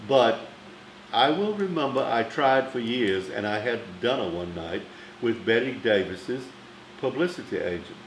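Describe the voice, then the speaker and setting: A man's voice: medium pitch, animated, a little slow, roomy sound, a little hiss or hum, low-quality recording. An older man with a Southern accent, a former newspaper critic telling theatrical anecdotes in a chatty way. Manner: chatty, theatrical, name-dropping raconteur. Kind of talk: anecdotal storytelling.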